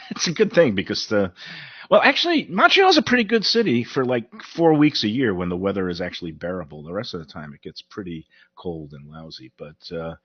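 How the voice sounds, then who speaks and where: A man's voice: fairly low pitch, brisk, husky, no room sound. Brooklyn guy hosting, chatty storyteller, dull dry lo-fi sound. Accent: Brooklyn New York. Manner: animated storyteller, mouthing off. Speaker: host. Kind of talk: casual chat.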